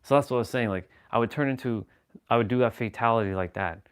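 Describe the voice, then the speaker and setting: A man's voice: medium pitch, fast, smooth. A man chatting casually on a live stream, rambling and joking as he reacts to viewers' comments.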